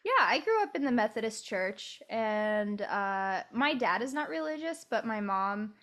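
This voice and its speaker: A woman with a Midwestern American accent co-hosting a podcast, chatting casually with frequent "um" pauses. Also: fairly high pitch, animated, a bit bright. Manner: easygoing, pauses with "um". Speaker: podcast co-host. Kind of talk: casual chat about a film.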